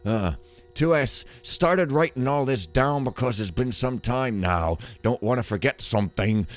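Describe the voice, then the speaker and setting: A man's voice: medium pitch, pitched above the performer's own voice, close to an everyday voice. A man reading out notes in the voice of a crooked male gang boss, coarse, bossy and threatening. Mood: gruff.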